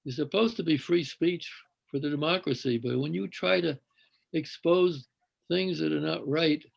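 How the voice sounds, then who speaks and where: Gravelly older man, rambling story. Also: fairly high pitch, normal speed, low-quality recording. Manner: meandering, many fillers and restarts. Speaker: congregation member sharing. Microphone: video call.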